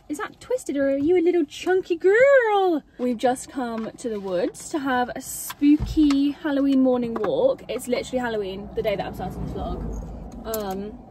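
A woman's voice: fairly high pitch, mellow, far from the mic, a little hiss or hum. A young woman vlogging on a woodland walk with her dog, bubbly and chatty. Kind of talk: casual outdoor vlog. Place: foggy woods, outdoors.

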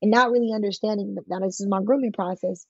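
A woman's voice: mid-range voice, fairly even intonation, fast, slightly rough, no room sound, muffled recording. A woman from California, a guest telling her life story in an interview, speaking frankly and plainly with many fillers. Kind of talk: emotional personal storytelling in an interview.

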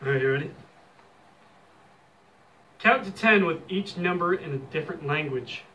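Teasing young man, bright voice. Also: fairly high pitch, expressive, moderate pace, muffled recording, slight background noise. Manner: teasing, dry quips. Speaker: guest, host's brother. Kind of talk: casual challenge game with sibling.

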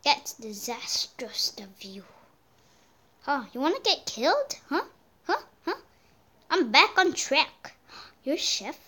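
Taunting her fellow players, a woman offers relaxed gameplay commentary that swings between yelps and quiet mutters. She speaks expressively and unhurriedly, with a slightly high voice.

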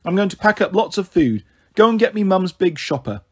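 A man's voice: sits high, sing-song, slightly rough, pitched above the performer's own voice, full character voice. A man doing a bossy, mothering big-sister girl. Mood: coaxing. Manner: brisk, mothering.

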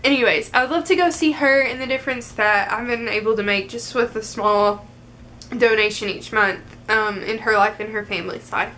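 A woman's voice: fairly high pitch, moderate pace, pushed and bright, a little hiss or hum. Chatty young woman vlogging. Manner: chatty, upbeat, lots of fillers like "um" and "like". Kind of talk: casual get-to-know-me Q&A.

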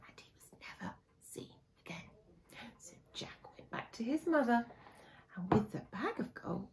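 A woman teacher telling a fairy tale to young children, with dramatic, hushed moments. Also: mid-range voice, vocal fry. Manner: expressive, dramatic, hushed asides.

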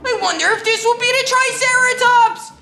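A woman voicing an excitable young schoolboy who reviews toys, shouting, giggling and yelling karate cries. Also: very high voice, normal speed, gravelly, full character voice. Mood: excited. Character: hyper young schoolboy toy reviewer with brothers. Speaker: toy reviewer. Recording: roomy echo with music behind.

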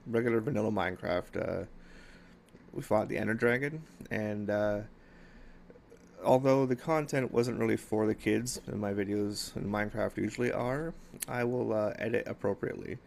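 A middle-aged man talking casually to his viewers in a rambling way, with many fillers and warm shout-outs. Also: on the low side, normal speed, gravelly, slight background noise. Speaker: gaming YouTuber. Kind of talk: casual vlog talk to viewers. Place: outdoors at sunset.

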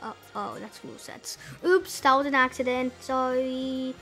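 A high-pitched woman chatters through casual let's-play commentary. She is excitable and rambling, restarting her sentences and exclaiming often. Game music plays faintly under her voice. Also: measured pace. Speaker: gameplay commentator.

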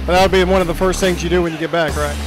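High-voiced joking male roving interviewer. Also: fairly even intonation, racing, over music. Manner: jokey, playful, teasing. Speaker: shipboard interviewer. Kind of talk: roving vox-pop interviews.

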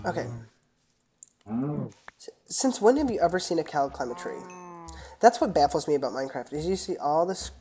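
A gaming channel host with a low, dark-toned voice chats with her viewers and gives casual, rambling commentary while she plays. There's slight background noise.

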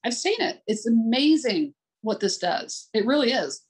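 A woman's voice: a little high, very animated, normal speed, breathy edge. A woman working as an adaptive sports swim coach, telling candid, heartfelt stories in an interview. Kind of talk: conversational interview storytelling.

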